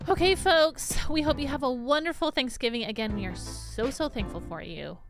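A woman co-hosting a podcast in casual chat, bubbly and eager with quick reactions. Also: sits high, expressive, music in the background. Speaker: podcast co-host.

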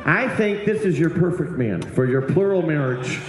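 A man working the crowd on stage, brash and profane, his voice bouncing around a very echoey room. His pitch sits a little high and swings widely as he riffs. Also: animated, moderate pace. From eastern United States. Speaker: stand-up comedian doing crowd work. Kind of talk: live stand-up crowd work.

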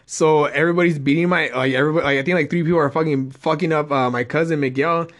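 A man's voice: fairly high pitch, steady tone, quick pace, fairly bright tone. A young man telling a rambling, profane story in casual chat.

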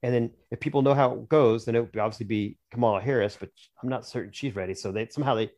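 A man's voice: mid-range voice, quick pace, a little mellow. A man on a podcast as a guest author, chatting casually in a rambling, jokey way with frequent restarts. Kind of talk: casual chat.

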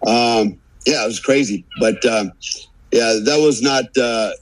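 Chatting casually on a podcast, this American guest tells a lengthy, profanity-laced anecdote, voicing each quote as he goes. He has a medium pitch and measured pace; the recording is low quality but has no echo.

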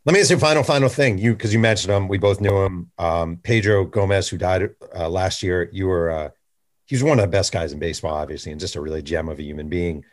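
Male podcast host with a very deep voice; relaxed, conversational interviewer. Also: fast. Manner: conversational, chatty, fillers like "like" and "um". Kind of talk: casual interview chat.

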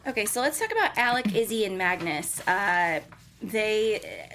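A woman's voice: mid-range voice, lively intonation, a little slow, fairly bright tone, a little hiss or hum. A young woman co-hosting a casual chat show, recapping an episode in a rambling, giggly way that corrects itself as she goes. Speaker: podcast co-host recapping a TV episode.

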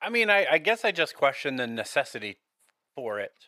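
A man's voice: on the high side, very animated, fairly quick, bright, forceful tone, dry recording, clean studio sound. A man co-hosting a podcast, talking in a hesitant, skeptical way with many restarts. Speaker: podcast co-host. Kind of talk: casual chat.

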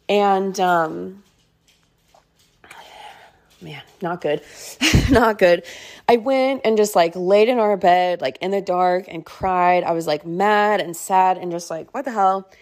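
A woman in her thirties with a lowish voice tells a personal story on her podcast. She talks casually and loosely, with plenty of "like" and "you know" between her thoughts. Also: slow pace. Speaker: podcast host.

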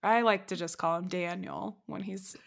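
A woman co-hosting a podcast, playful and quick to laugh, prompting her partner in casual chat. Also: medium pitch, fairly even intonation, creaky. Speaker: podcast co-host.

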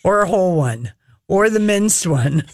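A woman's voice: on the low side, lively intonation, a little mellow, no echo, clean studio sound. Tired, jokey woman podcast host. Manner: chatty, jokey, quick to laugh. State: tired, short on sleep. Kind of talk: casual chat.

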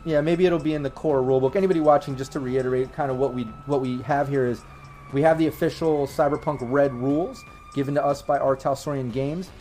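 A man's voice: medium pitch, fairly even intonation, quick pace, mellow, soft background music. A man running a tabletop game as game master, talking in an easygoing, rambling way with many fillers.

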